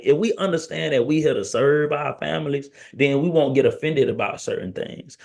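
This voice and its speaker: A man in his thirties hosting a podcast, talking casually and preaching to fathers, with an animated storytelling manner. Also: fairly low pitch, vocal fry. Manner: animated storyteller, acts out family quotes in raised voice. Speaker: podcast host.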